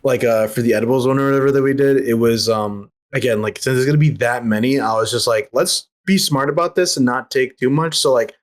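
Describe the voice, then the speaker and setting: A man's voice: medium pitch, fairly quick, few pauses. A young man telling a story as a guest on a casual podcast, rambling with lots of filler words and slang.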